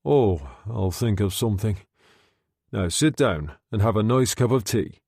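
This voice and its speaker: A man's voice: lowish voice, animated, unhurried, vocal fry, a little mellow, no echo, studio quality, full character voice. Man voicing a reassuring island man. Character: resourceful island man Gallagher.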